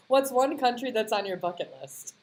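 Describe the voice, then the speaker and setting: Playful woman interviewer, lively voice. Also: a little high, poor audio. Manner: playful, laughs often between questions. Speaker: interview host. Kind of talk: quick-fire interview questions.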